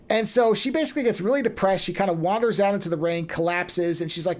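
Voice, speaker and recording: In casual chat, a podcast host animatedly retells a story, briefly acting out the characters' lines. The delivery is loose, chatty and full of restarts, in a mid-range voice that runs fast with hardly any pauses.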